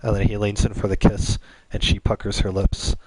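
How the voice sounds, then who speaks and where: Male gaming host, rambling improvised storytelling, low, dry voice. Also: completely flat delivery, normal speed, darkish tone, dry recording, poor audio. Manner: rambling, many restarts.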